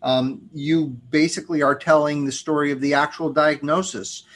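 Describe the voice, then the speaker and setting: A man hosting a studio interview, speaking in a measured way with frequent pauses and restarts. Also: a little high, steady tone, a bit bright. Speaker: podcast host. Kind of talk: interview conversation.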